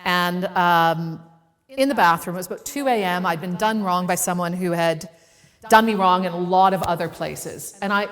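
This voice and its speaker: A woman speaker telling a personal story to a live audience in a playful, animated way, acting out the voices in it. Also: lowish voice, big-room sound. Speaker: keynote speaker. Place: event venue with a live audience.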